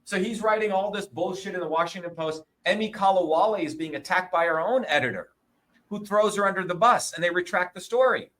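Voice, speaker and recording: Forceful, high-voiced indignant man. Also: a little fast. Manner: profane, emphatic, indignant, keeps checking with "okay?" and "you see?". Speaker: interview guest, presidential candidate. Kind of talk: combative interview talk.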